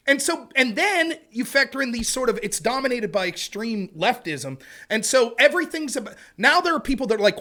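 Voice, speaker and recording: A man talking as a guest in a casual interview, fast and energetic, full of asides. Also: very high-pitched. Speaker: interview guest, debate show host.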